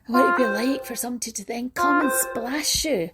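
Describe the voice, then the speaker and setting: A woman giving a motivational talk, moving between hushed guided imagery and lively storytelling. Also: on the high side, brisk, hardly any pauses, husky, soft background music. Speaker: motivational speaker.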